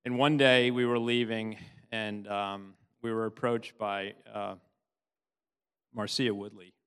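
A middle-aged man giving a tearful, halting personal testimony in church. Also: fairly low pitch, steady tone, smooth. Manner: halting, many restarts, laughs often. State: tearful, sobbing at times. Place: church hall. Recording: long hall reverb.

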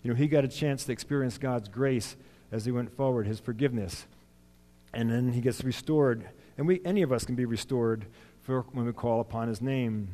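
A man's voice: mid-range voice, moderate pace, warm tone. A man giving an informal sermon in a church, plain and conversational, with frequent fillers and restarts. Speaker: lay preacher. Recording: long hall reverb.

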